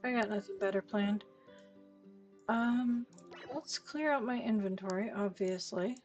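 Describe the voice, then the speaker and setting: A woman streaming a cozy game late at night, murmuring slowly to herself as she plays. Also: mid-range voice, darkish tone, dull audio. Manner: slow, murmured talk to herself. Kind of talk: casual gameplay commentary. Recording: faint background music.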